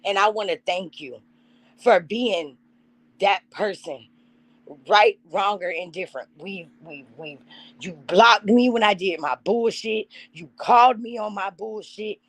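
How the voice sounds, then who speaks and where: Host, woman, heartfelt, chatty with her viewers; middle-pitched, dry close sound. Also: unhurried, no echo, poor audio. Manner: heartfelt, talks straight to her chat. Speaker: channel host. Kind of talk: live-stream birthday tribute.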